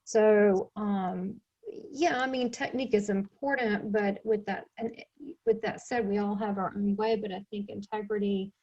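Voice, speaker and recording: A woman hosting a relaxed interview, talking freely with lots of asides and quick turns of thought. Her voice sits at an ordinary middle pitch. She keeps the conversation lively and personal. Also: highs cut off. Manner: animated, chatty, many asides. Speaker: show host. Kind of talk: casual interview chat.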